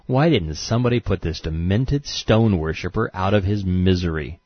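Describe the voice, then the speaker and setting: A man's voice: low-pitched, moderate pace, no echo. A man giving scornful, sarcastic scripted narration as a documentary narrator, in a dull, dry recording.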